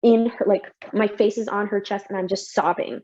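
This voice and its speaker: A young mother shares her experience in an open, emotional way, with frequent laughs. Her voice is mellow and soft-edged. The recording sounds dull and slightly lo-fi. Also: mid-range voice, moderate pace. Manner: emotional, lively, laughs often. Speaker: interviewee, mother. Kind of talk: candid personal story.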